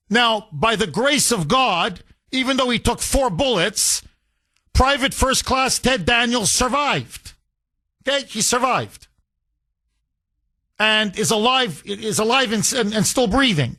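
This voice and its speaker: Middle-aged male talk radio host, heated and emphatic, bright forceful tone. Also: high voice, expressive, measured pace. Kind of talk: political talk radio monologue.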